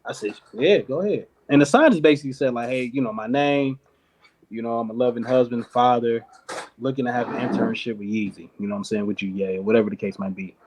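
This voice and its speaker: A man's voice: mid-range voice, fast, darkish tone, a little hiss or hum. A man from Detroit, a clothing company founder, telling a long story as a podcast guest, laughing often and acting out what other people said. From Detroit, United States. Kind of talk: casual storytelling.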